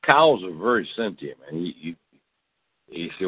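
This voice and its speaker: A lower-voiced man rambles through a comedic monologue, drawling and swearing freely as he ends line after line with "man." The sound is thin and phone-like. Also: big pitch swings, moderate pace, no room sound. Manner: drawling, profane, tacks "man" onto lines. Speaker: podcast host.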